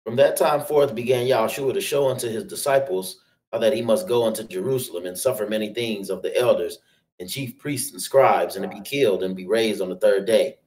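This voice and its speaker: A man reading scripture aloud in a steady, measured way. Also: lowish voice, distant mic. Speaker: scripture reader. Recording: roomy echoing sound.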